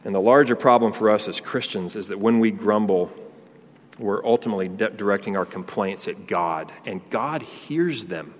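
In a church sanctuary with the long reverb of a large hall, a pastor with a lowish voice preaches at a normal pace. His sermon is conversational, and he often repeats and restarts his words.

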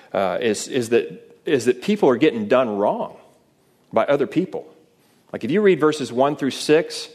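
A man's voice: medium pitch, a little mellow. A man preaching a sermon in a conversational way, often asking the listeners rhetorical questions. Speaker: pastor.

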